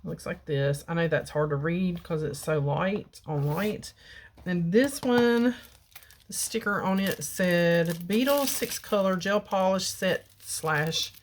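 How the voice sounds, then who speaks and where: A middle-aged woman with a slightly low voice talks through her nail supply haul in a relaxed, chatty way. She sits at home with the camera mic picking her up, pausing to peer at colors. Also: slight background noise. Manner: chatty, baby-talks her cat in a high cooing voice. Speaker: beauty vlogger. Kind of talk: casual product haul chat. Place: home bedroom.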